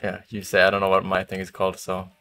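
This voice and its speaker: A man's voice: sits low, monotone, fast talker, gravelly, pushed and bright. Chatty young man gaming with a friend. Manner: chatty, laughs easily, trails off and restarts. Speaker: streamer. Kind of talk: casual gaming chat.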